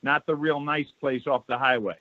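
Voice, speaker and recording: A man's voice: mid-range voice, fairly even intonation, moderate pace, no room sound. A man hosting a podcast, asking his guest short follow-up questions. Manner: short prompting questions, laughs along. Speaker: podcast host. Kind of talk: interview questions. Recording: dry, phone-like narrow sound.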